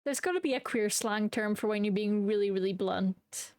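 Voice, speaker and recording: A woman streaming a game, excitable and self-mocking, swearing and laughing as she plays. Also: medium pitch, moderate pace, dry recording, clean studio sound. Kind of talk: let's play commentary.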